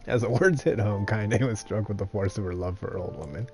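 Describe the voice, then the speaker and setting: A man's voice: lowish voice, a little fast, a little mellow, faint music behind. A man streaming live, reading a novel aloud with plain narration and laughing, joking asides.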